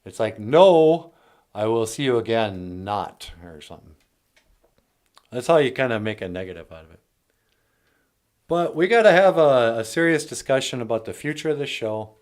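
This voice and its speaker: A man's voice: medium pitch, sing-song, fairly quick, long pauses. A man hosting a casual, jokey language lesson, talking plainly with playful asides. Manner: playful, jokey, slips between plain talk and silly bits. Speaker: language teacher and show host.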